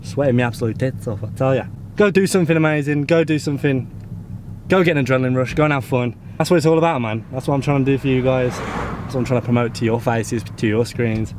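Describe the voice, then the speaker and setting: A young man with a British accent, chatting excitedly as he vlogs at outdoor dirt jumps. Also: mid-range voice, fast. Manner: excitable, chatty, exclaiming often. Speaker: vlogger. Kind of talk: casual vlog chat. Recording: outdoor noise, nearby traffic.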